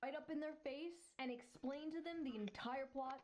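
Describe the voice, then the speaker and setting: A woman with a fairly high voice delivers sarcastic reaction commentary. Her delivery is deadpan and sardonic, with casual swearing. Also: normal speed.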